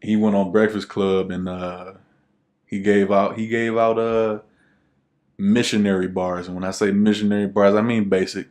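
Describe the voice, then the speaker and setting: A man's voice: on the low side, little pitch movement, normal speed, darkish tone. A young man co-hosting a podcast in casual chat, laid-back and rambling with lots of fillers. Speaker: podcast co-host.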